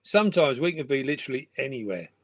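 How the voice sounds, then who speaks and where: A man's voice: medium pitch, very animated, fast talker, dry recording. A middle-aged man, chatting and laughing on a live stream from his room at home. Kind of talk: casual chat.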